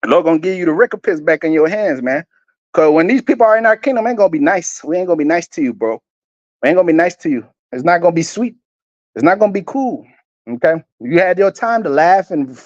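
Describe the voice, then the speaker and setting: Man, high voice, crude street preaching, stumbles over words, dull lo-fi sound. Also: lively intonation, fast, no room sound. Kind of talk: scripture reading with profane commentary.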